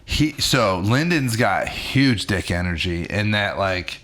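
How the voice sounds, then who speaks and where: A man's voice: fairly low pitch, animated, takes it slowly, few pauses, a bit bright. A man co-hosting a podcast, chatting in a laid-back, slangy way about a film. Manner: laid-back, slangy, frequent agreeing fillers. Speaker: podcast co-host. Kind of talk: casual film discussion.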